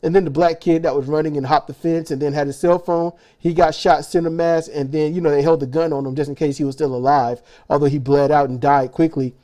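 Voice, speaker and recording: Sarcastic man ranting, mellow voice. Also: fairly high pitch, fairly even intonation, a little fast, few pauses. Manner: angry, profane, sarcastic ranting with stumbling restarts. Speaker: reaction video host. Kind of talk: ranting commentary.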